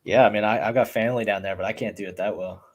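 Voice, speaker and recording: A man co-hosting a casual live fight watch-along chat, skeptical and quick in his replies. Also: on the low side, fairly even intonation. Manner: skeptical, quick back-and-forth. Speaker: podcast co-host.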